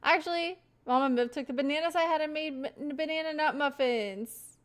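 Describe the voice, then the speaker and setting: A woman's voice: sits high, moderate pace. A young woman livestreaming, rambling casually to her chat with frequent laughs. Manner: chatty, rambling, laughs often, talks to chat.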